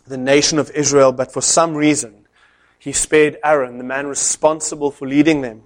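A man preaching a sermon, telling a story in an animated way with dramatic pauses. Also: on the high side.

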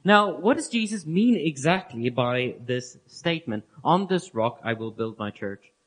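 A man giving a Bible teaching talk, earnest and explanatory, who repeats key phrases and lets his phrase endings fall soft and low. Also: expressive, a little slow. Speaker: preacher.

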